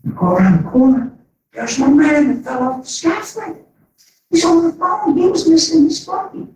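A man telling a story as a preacher, animated and excitable, often calling people "man". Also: extremely high pitch, moderate pace. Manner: animated, says "man" often, sped-up bursts. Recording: echoey hall from far off, faint noise.

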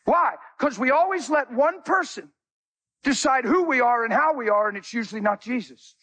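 A man preaching a sermon as a guest speaker, animated, telling stories with acted-out dialogue. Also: very high voice, normal speed.

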